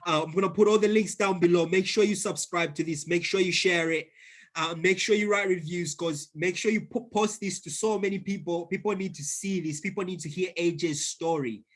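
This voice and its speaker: High-voiced, tearful male podcast host. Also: fairly even intonation, a little fast. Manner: effusive, repeats praise over and over. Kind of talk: emotional interview wrap-up.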